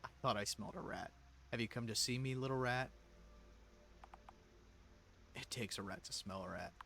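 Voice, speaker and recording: A man's voice: medium pitch, moderate pace, gravelly, fairly bright tone, a little hiss or hum. A man voicing a cruel, unhinged young woman who taunts and sneers in a text-based mystery game. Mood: taunting.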